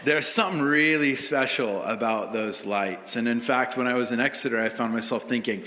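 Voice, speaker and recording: A man's voice: mid-range voice, normal speed, hardly any pauses, bright, forceful tone, slight background noise. A male pastor preaching a sermon in a conversational, humorous storytelling way, in a large church sanctuary with long reverb.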